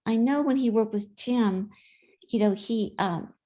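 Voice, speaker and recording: A woman's voice: a little high, a little slow, mellow. A woman guest in an interview, chatting and telling stories in an easy way. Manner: chatty anecdotal storyteller. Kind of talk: casual interview storytelling.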